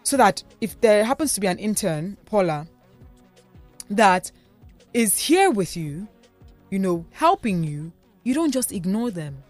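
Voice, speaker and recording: A woman's voice: mid-range voice, measured pace, pauses often, faint music behind. A woman with a Nigerian accent co-hosting a radio show from the studio, chatting casually and telling stories with many asides. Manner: animated storyteller, lots of asides and fillers. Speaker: radio co-host.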